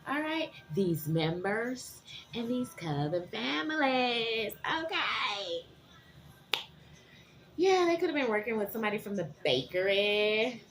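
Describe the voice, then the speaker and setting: A woman giving a tarot reading to her viewers, animated and dramatic, often checking in with "okay?". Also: a little high, slow, slight background noise. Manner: animated, keeps asking "okay?". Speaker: tarot reader.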